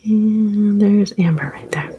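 A woman's voice: medium pitch, takes it slowly, lo-fi sound, slight background noise. A woman in her fifties, a therapist, chatting casually on a livestream, rambling and correcting herself with small chuckles. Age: 50s.

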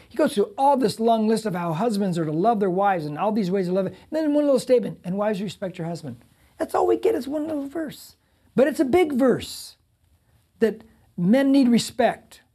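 A man's voice: sits high, dark tone, breathy edge. A middle-aged man preaching a sermon as pastor, talking directly and conversationally to the congregation.

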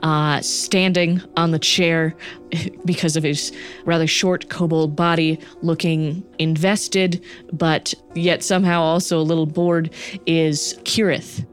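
A young woman narrating a tabletop game as game master, relaxed and hesitant. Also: low-pitched, slow pace, faint music behind. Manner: relaxed, hesitant, many fillers.

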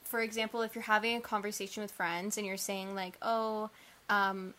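Here a young podcast co-host talks at normal speed with a medium-pitched voice. She's part of a casual chat, spinning animated, over-the-top stories between giggles.

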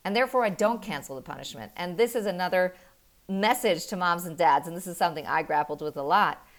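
A middle-aged woman and mother explaining parenting in an earnest, animated way, telling stories with quick laughs. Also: fairly low pitch. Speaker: parenting guest. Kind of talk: conversational explaining.

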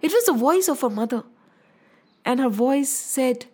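A woman narrating a children's story in an expressive, slow and deliberate way, singing out the sound effects. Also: high-pitched.

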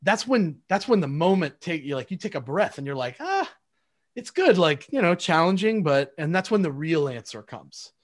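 A man's voice: a little high, animated, moderate pace, few pauses. A man in casual conversation who acts out quoted exchanges as he talks.

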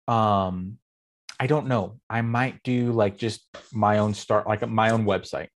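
Man, lowish voice, casual podcast chat, rambling, lots of fillers. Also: takes it slowly. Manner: rambling, animated storyteller with many fillers. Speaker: game master and guest.

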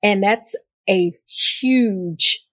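Effusive, husky-voiced woman podcast host. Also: mid-range voice, extremely slow, dry recording, studio quality. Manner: effusive, animated, makes up words. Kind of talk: casual interview chat.

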